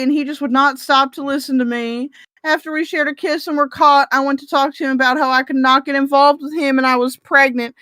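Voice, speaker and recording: A woman's voice: sits high, bright, forceful tone, no echo, pitched above the performer's own voice. A woman reading the lines of a dramatic young romance heroine, hamming them up in a raised, overwrought voice.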